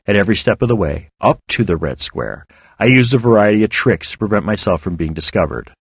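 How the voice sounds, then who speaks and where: A man reads first-person fiction in a measured, reflective way. His voice sits low with a husky grain, and his intonation rises and falls a lot. The sound is dry and close. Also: lively intonation, no room sound. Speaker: narrator.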